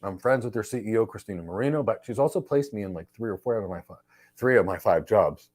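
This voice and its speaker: Animated middle-aged man telling a story. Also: on the low side, fast talker. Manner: emphatic, animated storyteller who acts out exchanges. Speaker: host and cloud career trainer. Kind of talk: live Q&A with storytelling.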